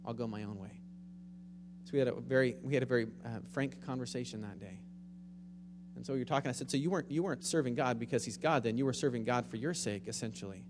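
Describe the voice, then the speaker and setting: A man preaching a sermon in a conversational way, moving between quiet, reflective stretches and louder, emphatic ones. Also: mid-range voice, fast talker, big-room sound, background noise. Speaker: pastor.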